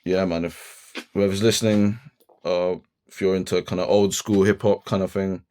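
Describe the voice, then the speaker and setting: A man's voice: low voice, flat delivery, normal speed, darkish tone, smooth. A young man co-hosting a studio podcast, talking in a laid-back, agreeable way. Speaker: podcast co-host. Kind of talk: casual chat.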